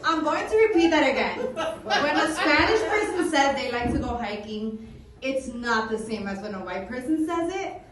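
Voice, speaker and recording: Young female stand-up comic; breezy, profane, giggly storyteller; heard from afar in a boomy club with a roaring audience. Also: lively intonation, moderate pace. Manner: casual, profane, laughing storyteller. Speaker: stand-up comedian. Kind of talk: stand-up comedy set. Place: comedy club stage. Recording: echoey club room, far mic, loud crowd. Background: audience laughter and room noise.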